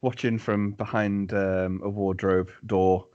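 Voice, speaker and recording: A man co-hosting a podcast, playful and quick to laugh in a casual comedic chat. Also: on the low side, flat delivery, darkish tone. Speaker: podcast co-host. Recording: dull, lo-fi sound.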